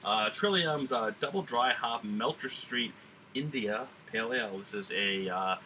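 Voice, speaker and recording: A man reviews a beer on camera in a put-on Southern drawl, his voice very bright and forceful. He rambles casually, full of ums and uhs, with the odd blunt curse. A faint background noise sits under him. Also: medium pitch, lively intonation, a little slow. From New England. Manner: rambling, many fillers, blunt and profane.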